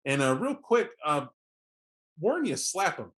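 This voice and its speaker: A man's voice: fairly high pitch, very animated, measured pace, fairly bright tone. A man running a tabletop game, narrating events in a vivid, conversational way with many fillers. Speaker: game master.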